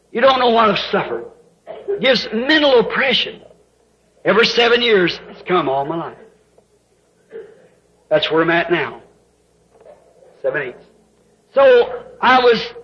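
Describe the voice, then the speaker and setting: A man's voice: sits high, fairly bright tone. An older man preaching a sermon, telling his story in a folksy way that rises into emotional outbursts. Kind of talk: sermon testimony. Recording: dull lo-fi sound.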